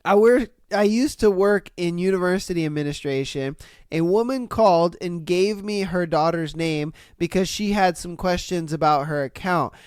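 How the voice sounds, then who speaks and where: A young adult podcast host reading listener stories aloud and reacting with profane, loud disbelief. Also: medium pitch, normal speed, clean tone, no echo, clean studio sound. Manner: profane, loudly incredulous reactions.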